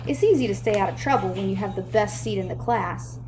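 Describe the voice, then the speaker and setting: A woman reading a children's chapter book aloud in a lively, expressive way. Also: mid-range voice, fairly quick, over music, rough recording. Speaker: storyteller.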